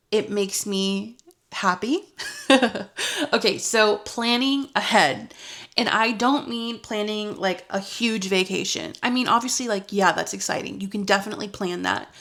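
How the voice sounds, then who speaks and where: A woman's voice: mid-range voice, a bit bright. Chatty, earnest young woman vlogger. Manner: chatty, earnest, gets emotional and laughs it off. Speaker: lifestyle vlogger. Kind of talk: casual confessional talk to camera.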